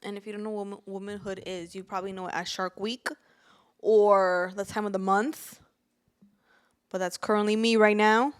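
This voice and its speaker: A woman's voice: medium pitch, level tone, moderate pace, clear, resonant tone. A young woman co-hosting a casual podcast, chatting playfully and joking with her co-host. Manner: playful, joking, laughs often. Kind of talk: casual chat.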